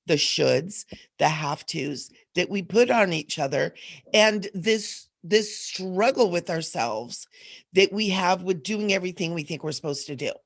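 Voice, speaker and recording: A middle-aged woman hosting a casual spiritual livestream talk, rambling and laughing as she goes, a little sleepy and groggy. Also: fairly low pitch. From Southern California. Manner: rambling, laughs often, frequent fillers. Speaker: host.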